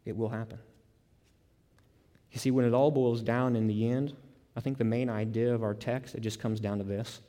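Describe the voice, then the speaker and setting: A man's voice: mid-range voice, fairly even intonation, normal speed, long pauses, warm tone. A man preaching a sermon, emphatic, piling up repeated words and rising into bursts. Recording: long hall reverb.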